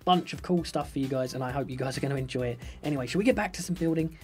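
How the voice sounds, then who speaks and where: A young man live-streams himself playing a building game, talking rapid-fire in a mid-range voice over faint background music. Chatty and upbeat, he jokes around with viewers and reads out questions from chat.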